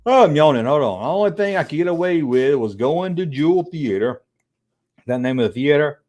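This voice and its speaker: A man's voice: a little high, brisk. A middle-aged man hosting a casual livestream, chatting with viewers in a rambling, profane way. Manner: animated and profane, rambling between tangents. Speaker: livestream host.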